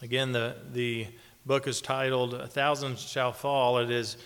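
A male preacher giving a conversational sermon, halting with fillers and chuckling often. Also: mid-range voice, little pitch movement, fairly bright tone, clear, resonant tone. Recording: long hall reverb.

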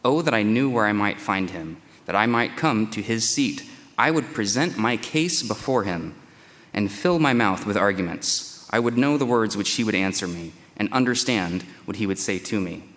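A man's voice: lowish voice, fairly bright tone. A man preaching through scripture, reading verses and acting out the speaker's pleas in a raised, dramatic voice. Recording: long hall reverb.

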